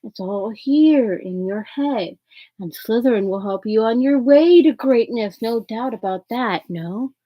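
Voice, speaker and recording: Woman voicing a slow, pondering old magic hat. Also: fairly high pitch, lively intonation, no echo, muffled recording. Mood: probing. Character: old talking magic hat, musing and sly.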